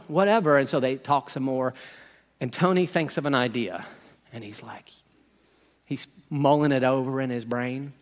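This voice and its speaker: A man, a pastor, telling a story in a sermon with animated, folksy asides. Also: medium pitch, long reverb tail.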